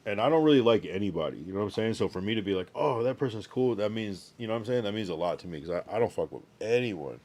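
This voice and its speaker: A young man on a livestream reads viewer comments and chats in a relaxed, sleepy way, yawning now and then. His voice sits on the low side and is a little mellow, with lively intonation and a very fast delivery that hardly pauses. His talk is loose and full of slang and offhand asides.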